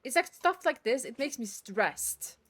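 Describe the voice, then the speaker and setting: A woman streams a game from her room at home, ranting in exasperation, swearing and repeating herself into a desk mic at her computer. Her voice is high-pitched with big pitch swings, a little slow, a bit bright, with a breathy edge.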